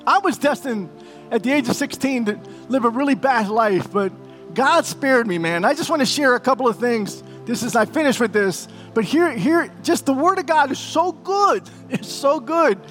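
Middle-aged male pastor, very high voice, emotional storytelling sermon to the congregation. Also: animated, normal speed, fairly bright tone, faint music behind.

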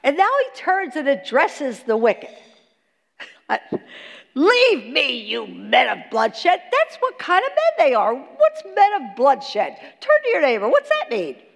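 Animated woman teaching a sermon in a hall. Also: sits high, measured pace. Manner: animated, talks to the audience with questions. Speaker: Bible teacher. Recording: long hall reverb.

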